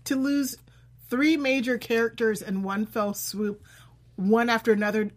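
A woman's voice: a little high, fairly even intonation, a little slow, crowd noise. A woman co-hosting a casual TV review chat, who speaks emphatically and chimes in with her own reactions. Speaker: podcast co-host.

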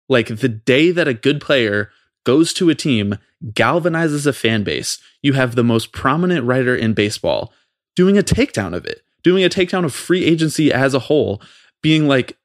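A man co-hosting a podcast, ranting in a fast, profane, exasperated way about something that annoys him. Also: medium pitch, no echo, clean studio sound. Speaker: podcast co-host. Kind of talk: heated casual podcast rant.

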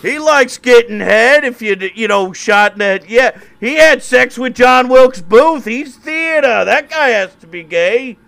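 A man putting on a rowdy drunk Irish hooligan heckling from a crowd, loud and jeering. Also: extremely high pitch, lively intonation, a little slow, gravelly, hardly any pauses, voice pushed up, exaggerated voice.

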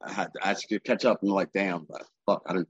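A husky, very low-voiced man talks fast and freely as an interview guest. He is streetwise and profane, and he keeps tossing in filler phrases. The sound is dry and a little muffled. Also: fairly even intonation, no echo. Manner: streetwise, profane, rambling with "you know what I'm saying". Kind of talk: candid casual interview talk.

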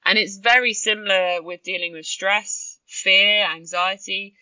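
Woman, podcast guest, bright forceful voice, dry muffled sound. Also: medium pitch, measured pace, few pauses, no room sound. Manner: animated, acts out her own inner voice. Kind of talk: conversational storytelling.

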